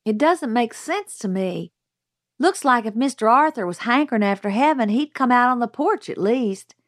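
A woman's voice: on the high side, expressive, moderate pace, no echo, clean studio sound, pitched above the performer's own voice, natural voice. A woman voicing an outspoken young tomboy girl who asks eager, indignant questions.

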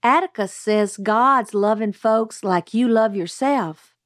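A woman's voice: fairly high pitch, slow pace, no room sound, studio quality, pitched above the performer's own voice. A woman voicing an outspoken young tomboy girl who asks eager, indignant questions.

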